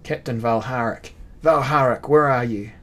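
A man's voice: fairly low pitch, steady tone, normal speed, darkish tone, lightly acted. A man playing an arrogant, cruel demon-lord prince who barks orders and boasts, in a storybook reading. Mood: commanding. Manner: boastful, barking commands.

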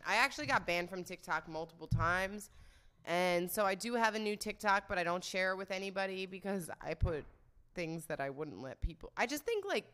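A young woman hosting a casual livestream, loud and laughing, swearing often as she chats to her viewers. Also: mid-range voice, slight background noise. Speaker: livestream host.

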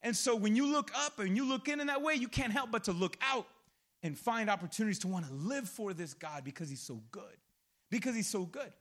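Pastor guy preaching casual, slangy, acts out his stories, kinda high voice. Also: a little fast. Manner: animated, acts out his own reactions. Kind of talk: sermon.

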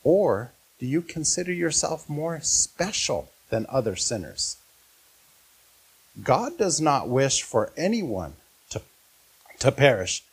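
A man's voice: a little high, breathy edge. A man preaching a sermon as pastor, earnest and often putting questions to his listeners.

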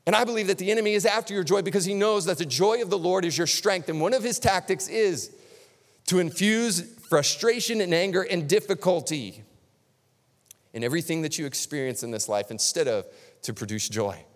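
A man's voice: sits high, a little fast. Emphatic male pastor in a reverberant hall. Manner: conversational, emphatic, repeats for stress. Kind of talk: sermon. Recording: long reverb of a large hall.

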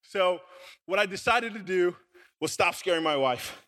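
A young male youth pastor with a high, bright voice delivers his sermon as a loose, joking story at a measured pace. He's animated and conversational, with plenty of filler words.

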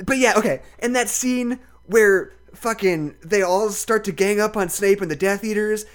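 A podcast host chats casually about a film, animated and laughing often, with lots of fillers and casual swearing. He speaks at a medium pitch and a normal speed.

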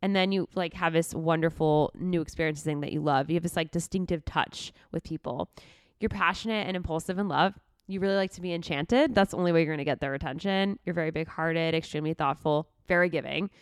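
A woman's voice: low voice, a little fast, smooth, dry recording, clean studio sound. A woman co-hosting a podcast, casually reading out horoscope traits and adding chatty asides. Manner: chatty, reads traits aloud with frequent "like". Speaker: podcast co-host.

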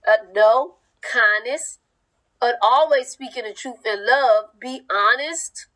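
A woman's voice: fairly high pitch, slow pace, a bit bright, rough recording. A woman preaching with a fervent, emphatic cadence and informal speech. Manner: informal speech with dropped verb endings. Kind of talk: sermon-style teaching.

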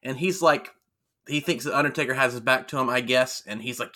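A man co-hosting a casual podcast, recapping wrestling with quick jokey asides. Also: medium pitch, pushed and bright. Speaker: podcast co-host.

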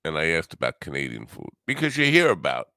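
Tired New podcast host, bottom-of-the-range voice with gravel, dry close mic, loose sarcastic riffing. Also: male voice, extremely low pitch, huge pitch swings, fairly quick, sharp tone, dry recording. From New York. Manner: rambling, wisecracking, sarcastic. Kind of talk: casual solo podcast monologue.

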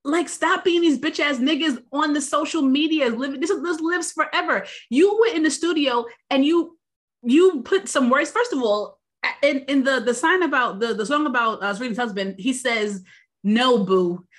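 Woman, from New York, high voice, profane, animated, podcast co-host. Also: moderate pace. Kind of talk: casual chat.

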